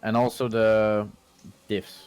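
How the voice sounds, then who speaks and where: A man with a fairly low voice commentates a sim race from his headset. He talks in a dry, hesitant way, with plenty of uhs and deadpan jokes. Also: slow pace, clean tone. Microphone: gaming headset.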